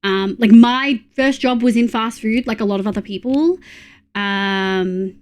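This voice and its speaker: A woman's voice: fairly high pitch, unhurried, darkish tone, clean tone. An Australian woman in her thirties chatting casually on a live stream, blunt and sweary, reacting to chat.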